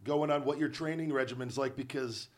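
Earnest man hosting a podcast. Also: medium pitch. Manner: earnest, encouraging, quick to agree. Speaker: podcast host. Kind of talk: casual interview chat.

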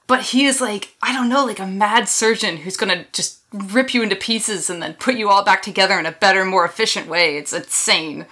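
A woman's voice: mid-range voice, a little fast, hardly any pauses, sharp tone. A woman game designer, a guest on a podcast, chatting easily with lots of fillers and frequent laughs. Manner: laughing, easygoing, filler-heavy. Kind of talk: casual podcast chat.

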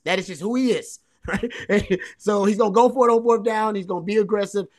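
A man's voice: high voice, fairly quick. A man co-hosting a sports podcast, analyzing a football game in casual talk and stressing points by repeating phrases. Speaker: co-host.

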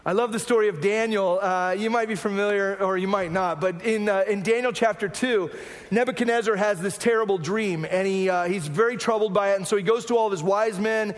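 A man from Arizona preaching a sermon, animated and humorous, asking many rhetorical questions. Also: sits high, brisk, faint music behind. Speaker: pastor. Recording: reverberant hall.

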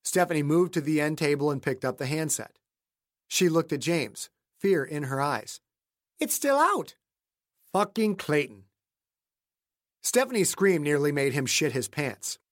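A man giving a scripted, measured narration of a horror audiobook. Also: on the high side.

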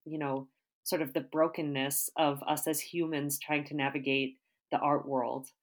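Female interviewer, deep voice, thoughtful and unhurried, long questions. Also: little pitch movement. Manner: warm, thoughtful, rambling questions with fillers. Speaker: interviewer, artist.

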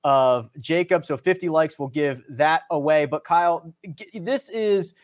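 A man's voice: on the high side, measured pace. A man hosting a golf podcast in a casual, upbeat and chatty way. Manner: upbeat, chatty, promotes sponsors and links. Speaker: podcast host.

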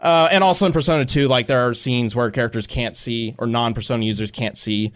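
A man's voice: medium pitch, a little fast. A man hosting a podcast in casual chat, rambling with many fillers and casual swearing. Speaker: podcast host.

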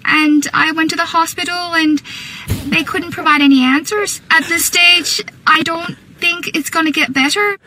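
A man's voice: very high voice, moderate pace, bright, forceful tone, slight background noise, pitched above the performer's own voice, exaggerated voice, rough recording. A man putting on the voice of a young woman who speaks with an Irish lilt. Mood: earnest.

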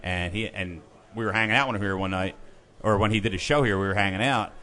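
Bright-voiced man telling a wild story. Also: fairly low pitch, fast. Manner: animated, profane anecdotes with quoted voices. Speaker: podcast guest, band member. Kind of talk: casual storytelling chat.

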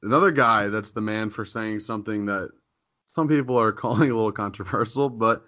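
A podcast host speaks in a low-side, sharp-toned, brisk voice, chatting casually and rambling, often cutting off mid-thought with a laugh. The audio is dull and lo-fi.

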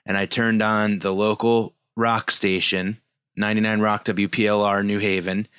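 A man in his forties co-hosts a podcast in a lowish, flat voice at normal speed, his tone a bit bright and clean. The studio-quality recording has no echo. He rambles through stories in casual chat, leaning heavily on fillers.

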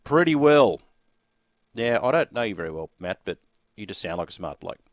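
A man's voice: lowish voice, very animated, moderate pace, dry recording. A man with an Australian accent hosting a sports radio quiz and chatting easily with callers in a jovial way. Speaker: radio host.

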